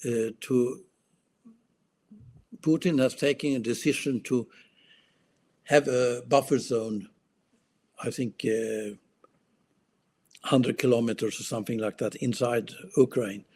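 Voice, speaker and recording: A man, giving slow, halting analysis in casual discussion. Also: mid-range voice, fairly even intonation, a little mellow, a little hiss or hum. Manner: slow, halting, many restarts and fillers. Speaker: guest analyst.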